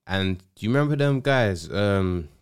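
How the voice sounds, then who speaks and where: A young man talks in an easy, slangy way as a podcast host. His voice sits low and comes through clean and smooth. The sound is dry and close, with little room around it. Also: animated, measured pace, no room sound. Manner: London slang, laid-back storytelling. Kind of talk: casual chat.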